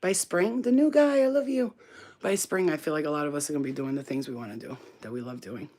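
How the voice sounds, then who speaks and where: A woman with a fairly low voice chats casually on a live stream. She is warm toward her viewers and slips into high cooing baby talk for her pet. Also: fast talker. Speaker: spiritual reader, channel host.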